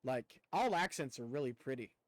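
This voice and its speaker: A man's voice: medium pitch, expressive, normal speed, no room sound, low-quality recording. Chatty young man with a country twang. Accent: rural American Southern twang. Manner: rambling, talkative, casual swearing. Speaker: streamer. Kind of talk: casual chat with viewers while gaming.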